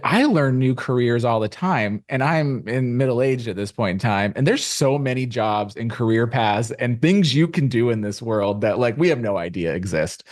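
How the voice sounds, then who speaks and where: A middle-aged man talking as a finance guest in a podcast interview, explaining with rhetorical asides and lively emphasis. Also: mid-range voice. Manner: animated, explanatory, rhetorical "right?". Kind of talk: conversational interview.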